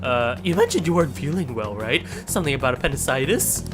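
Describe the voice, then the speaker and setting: A man's voice: medium pitch, big pitch swings, fast, music in the background, natural voice. A man voicing a smug, domineering male gym teacher who talks down to students in a condescending, smarmy way.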